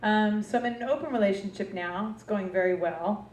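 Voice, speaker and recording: A woman's voice: medium pitch, brisk, a little mellow. A woman from New Jersey performing a brash, profane stand-up comedy routine on a club stage before a live audience. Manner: brash, profane, punchy delivery. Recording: roomy club recording from a distance, audience noise.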